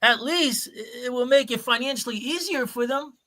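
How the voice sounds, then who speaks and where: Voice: medium pitch, normal speed, bright, forceful tone, natural voice. A performer voicing an earnest young man in an amateur radio drama, speaking heartfelt and hesitant. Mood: humble. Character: earnest young man proposing to his sick girlfriend.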